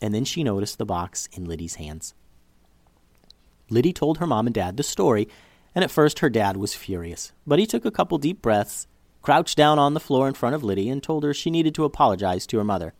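A man reading a children's story aloud as storyteller, in an expressive way. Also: mid-range voice, brisk, no echo.

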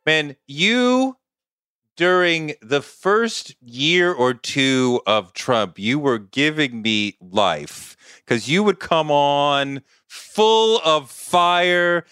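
A man's voice: fairly high pitch, lively intonation, drawn-out words, pushed and bright, smooth, no room sound, studio quality. A man hosting a podcast introduces his guest with earnest enthusiasm, then reads a plug for the show. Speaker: podcast host.

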